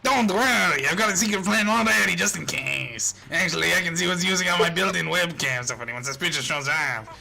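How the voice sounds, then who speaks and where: A man's voice: high voice, creaky, sharp tone, faint music behind, heavily acted, rough recording. A man doing a chatty nasal AI program. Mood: cheerful. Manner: fast, nasal, robotic put-on voice. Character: male computer AI program, eager and chatty. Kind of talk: reading game lines in a put-on voice.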